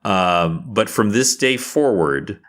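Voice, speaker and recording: A man's voice: on the low side, lively intonation, slow pace, fairly bright tone. A man narrating as game master of a tabletop game, casual and chatty with asides.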